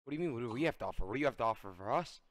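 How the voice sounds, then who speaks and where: Fast-talking blunt male streamer host. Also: medium pitch, lively intonation. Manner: blunt, teasing, cuts in often. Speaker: streamer hosting server interviews. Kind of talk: casual group voice-call banter.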